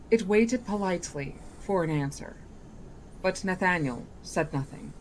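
A woman reads a novel aloud at a very slow, unhurried pace in a lowish voice. She is deliberate and now and then stops to fix a misread word. Faint background hiss runs under her reading. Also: lively intonation. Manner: deliberate, with small self-corrections. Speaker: book club reader.

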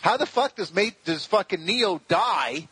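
A man's voice: high-pitched, expressive, a little slow, pushed and bright, slightly rough, no echo, rough recording. A man co-hosting a podcast, chatting casually and profanely about a movie with lots of fillers. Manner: swears heavily, rambling with many fillers. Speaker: podcast co-host.

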